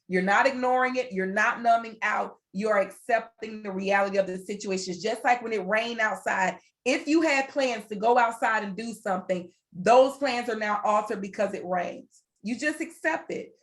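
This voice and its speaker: A woman presenting a workplace wellness webinar over a video call, speaking in an earnest, encouraging way and repeating phrases for emphasis. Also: medium pitch. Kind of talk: motivational webinar talk.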